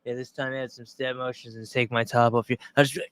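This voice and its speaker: A man's voice: medium pitch, little pitch movement, fairly quick, a bit bright, clean tone. A man from Long Island rambling through a profane livestream reaction at home, restarting sentences as he goes. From Long Island, New York. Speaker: streamer reacting to a news clip. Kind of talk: casual livestream commentary.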